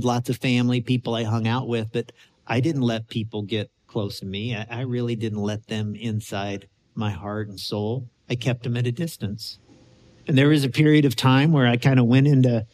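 A man's voice: medium pitch, a little mellow. A middle-aged male pastor preaching a sermon with earnest storytelling that rises to emphatic points.

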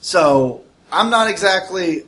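A man's voice: sits high, expressive, slow pace, a bit bright, a little hiss or hum. A man playing a tabletop game, rambling and joking as he lays out plans. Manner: rambling, joking, lots of fillers. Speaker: player. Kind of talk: casual tabletop game chat.

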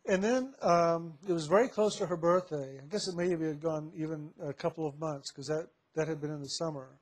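Reflective man telling a personal story. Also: on the high side. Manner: reflective, unhurried, with soft laughs.

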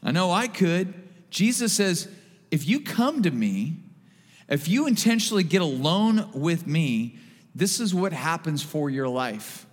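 A man preaching a sermon as pastor, animated, dropping to a hush and then rising loud. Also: fairly high pitch, a little slow, in a large hall. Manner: animated, swings from hushed to loud. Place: church sanctuary.

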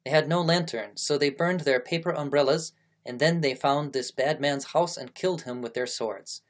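A man's voice: fairly high pitch, normal speed, natural voice. A man voicing a polite, eager Japanese schoolboy in a stilted period-drama accent. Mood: earnest.

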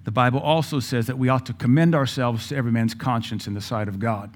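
A man's voice: mid-range voice, steady tone, fast talker. A man preaching a sermon, telling a personal story in a conversational way and quoting scripture in old English. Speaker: pastor.

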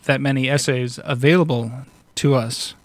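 A man's voice: mid-range voice, fairly even intonation, normal speed, no echo. A man chatting casually as a podcast guest, rambling and self-mocking with a stuffy nose. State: stuffy-nosed. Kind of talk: casual chat.

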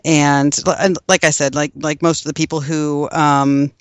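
A woman's voice: low-pitched, little pitch movement, normal speed, dry recording. A middle-aged woman co-hosting a podcast, chatting casually with lots of ums and laughs. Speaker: podcast co-host. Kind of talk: casual chat.

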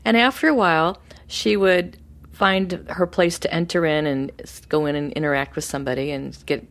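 Middle-aged female co-host, animated storyteller, lower-pitched voice. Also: normal speed. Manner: animated, acts out voices in her stories. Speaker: podcast co-host. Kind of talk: storytelling in casual chat.

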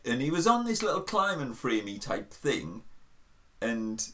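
A man's voice: medium pitch, sing-song, measured pace, sharp tone. A man, co-hosting a casual podcast and telling wry anecdotes, swearing casually. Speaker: podcast co-host. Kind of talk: casual comedic storytelling.

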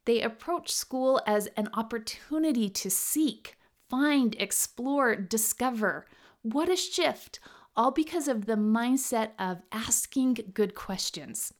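A woman with a slightly high voice gives a scripted talk in a playful, humorous storytelling manner. She slows down to stress key words. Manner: slow and emphatic on key words. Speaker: motivational speaker.

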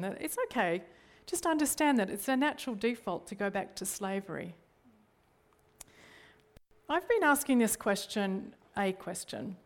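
An earnest sermon comes from a middle-aged Australian woman who serves as a church leader, her voice at an ordinary pitch for a woman. She often checks in with the congregation by asking rhetorical questions.

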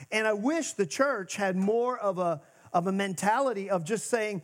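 A man's voice: high voice, normal speed, hardly any pauses. Preaching man, casual and heartfelt. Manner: conversational preaching, swinging from emphatic to hushed. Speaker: pastor. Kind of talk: sermon. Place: church sanctuary.

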